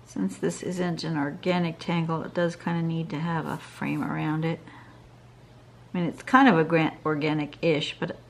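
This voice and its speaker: Her voice sits low and creaky with little pitch movement, at a moderate pace. She's a tired, yawning drawing instructor giving a chatty, think-aloud tutorial, recorded by a camera over her desk with a little hiss or hum.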